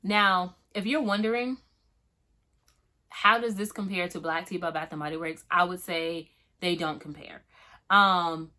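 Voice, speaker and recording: In her casual product review vlog, a young Floridian Southern woman reviews a fragrance at an unhurried pace with a steady tone. Her slightly low voice sounds bright and forward; she's emphatic, chatty, fond of fillers, and regularly checks in with whoever's listening.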